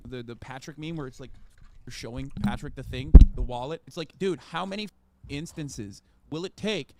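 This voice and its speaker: A man reading news articles aloud and reacting, incredulous and excitable, in slangy casual speech. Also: medium pitch, normal speed, background noise. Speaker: streamer commentator.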